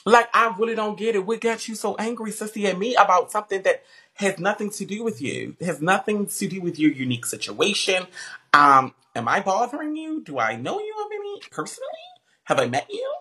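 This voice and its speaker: A woman's voice: medium pitch, expressive, brisk, bright, forceful tone. Brash, profane woman livestreamer. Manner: mocking, reads out viewer comments. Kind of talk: livestream rant to viewers.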